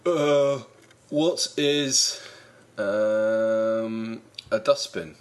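A man's voice: lowish voice, very slow. Guy, dry and fed up, podcast contestant banter. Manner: dry, exasperated questioning.

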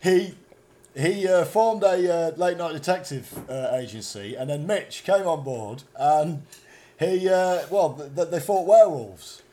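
Rambling British man with a lively voice. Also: a little high, a little slow, slight background noise. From Britain. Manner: rambling, stumbling, mock-confident. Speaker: podcast co-host. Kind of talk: improvised comedy chat. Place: motorway service station.

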